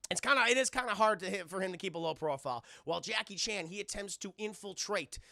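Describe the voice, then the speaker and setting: Gravelly, bright-voiced male streamer. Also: high-pitched, quick pace, no room sound, studio quality. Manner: profane, animated, acts out quoted lines. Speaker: streamer reviewing a film. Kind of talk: casual movie recap to live chat. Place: home streaming setup.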